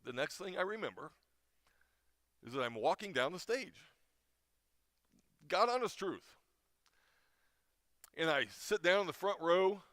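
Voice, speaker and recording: This chapel speaker, a middle-aged man, recounts a personal story in an informal talk, emotional and prone to restarting. His high, fairly bright voice is expressive and measured, with frequent pauses. The audio is dry and of studio quality.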